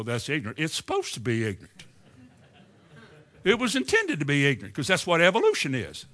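A man preaching a fiery sermon, swinging from low musing to loud exclamations.

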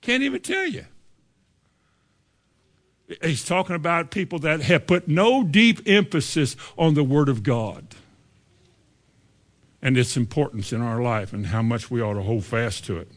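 A man's voice: mid-range voice, moderate pace. A man, preaching a sermon with emphatic rises on key lines and quoting scripture. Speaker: pastor.

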